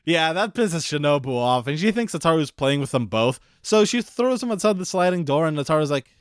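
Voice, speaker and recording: A man's voice: on the high side, big pitch swings, fairly quick, smooth, no echo, studio quality. A man narrating a crude comedic recap in a sarcastic, profane manner. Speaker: recap host.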